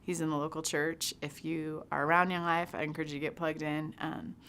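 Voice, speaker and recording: A woman with a somewhat low voice gives a casual devotional talk to viewers. She tells stories with animation, acting out her own past reactions. Her delivery is conversational and unscripted. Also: level tone, brisk, fairly bright tone, a little hiss or hum. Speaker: youth ministry speaker.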